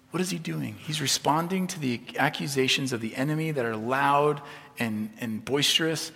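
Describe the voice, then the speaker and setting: Male pastor, sermon delivery, conversational with humor, soft-to-emphatic swings, long hall reverb. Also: mid-range voice, normal speed, creaky.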